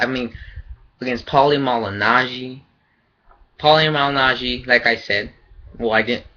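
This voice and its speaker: A man's voice: mid-range voice, pushed and bright, dull audio. A man giving a casual, rambling fight review, loose and profane in his opinions. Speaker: boxing vlogger.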